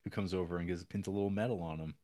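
A man with a very low voice talks through a film's plot in a loose, rambling podcast chat. He keeps slipping into quick acted-out quotes between fillers. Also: fairly even intonation, mellow. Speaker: podcast co-host. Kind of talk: casual film discussion.

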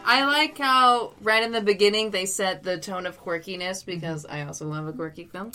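A woman's voice: mid-range voice, normal speed, sharp tone, soft background music. A woman co-hosting a podcast in casual chat, teasing and laughing often. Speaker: podcast co-host.

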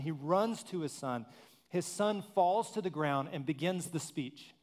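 Animated, conversational man preaching. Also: on the high side, unhurried. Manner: animated, humorous asides, acts out quotes. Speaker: pastor. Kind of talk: conversational sermon.

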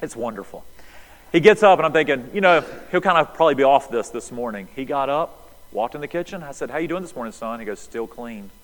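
A middle-aged man, preaching a sermon and telling a story, moving between loud bursts and hushed passages. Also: fairly high pitch, fast. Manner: animated, swings from loud to hushed. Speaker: pastor. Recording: long hall reverb.

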